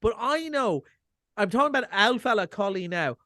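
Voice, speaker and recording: A man's voice: sits high, lively intonation, normal speed, pushed and bright, no room sound, studio quality. A middle-aged Irish man reviewing films on a radio show over a video call, chatty, wry and self-mocking. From Ireland. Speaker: film reviewer. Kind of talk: casual radio chat.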